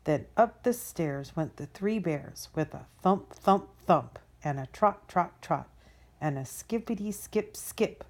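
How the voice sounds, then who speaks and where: Slow, expressive woman reading a story. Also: fairly low pitch.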